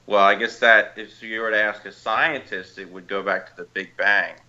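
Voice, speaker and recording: A man's voice: on the low side, fairly even intonation, moderate pace, sharp tone. A man co-hosting a podcast in casual chat, hesitant and playful, often asking questions. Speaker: podcast co-host. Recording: dull, muffled sound.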